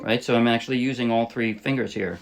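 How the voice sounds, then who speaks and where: A man talks through a ukulele lesson in a casual, unhurried way, often stopping to correct himself. His voice has a gravelly edge at a middle pitch. His own ukulele plays loudly under his words. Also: over loud music. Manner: relaxed, thinking aloud, with self-corrections. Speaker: ukulele teacher. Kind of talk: casual instructional talk. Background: ukulele playing.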